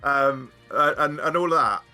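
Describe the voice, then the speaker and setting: A man's voice: mid-range voice, normal speed, bright, forceful tone, soft background music. A man chatting casually as a guest, rambling with frequent fillers and restarts. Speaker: guest card game content creator. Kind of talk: casual chat.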